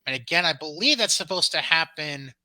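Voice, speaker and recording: Brief: brassy, bright-toned male podcast co-host, pitch swinging all over, swears freely, dry close mic. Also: brisk, no echo. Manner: profane, teasing, lively storyteller. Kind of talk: casual wrestling podcast chat.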